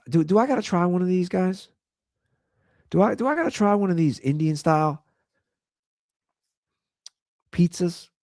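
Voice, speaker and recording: A man's voice: sits high, vocal fry, dry recording. Male podcast host, voice leaping up and down with rhetorical questions, recorded dry and close. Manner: animated ranting with rhetorical questions. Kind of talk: solo ranting talk show.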